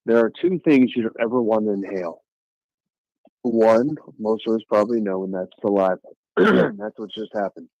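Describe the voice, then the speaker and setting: Man, podcast co-host, lowish voice, relaxed bro talk, muffled lo-fi mic, dry sound. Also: normal speed, dry recording. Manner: laid-back, laughs a lot, calls people bro. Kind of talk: casual podcast chat.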